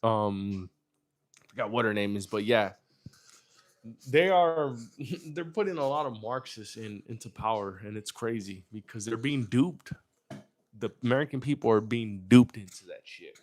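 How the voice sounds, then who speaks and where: A man's voice: lowish voice, expressive, measured pace. A man from New York hosting a casual livestream, chatting loosely and profanely while reading out viewer comments. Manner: loose and profane, reads chat aloud. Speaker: livestream host. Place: home in Texas.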